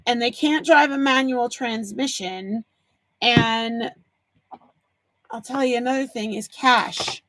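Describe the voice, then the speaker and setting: A woman's voice: fairly high pitch, a bit bright, no echo. Chatty woman hosting a live craft stream. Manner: chatty storyteller, answers viewers' comments. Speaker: livestream host. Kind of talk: casual live chat while crafting.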